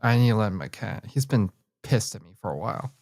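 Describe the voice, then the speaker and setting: A woman's voice: a bass voice, animated, brisk, a little mellow, no room sound, studio quality. A woman streamer chatting casually to her viewers, blunt and profane, often talking to herself. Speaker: livestreamer. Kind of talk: casual live-stream chat.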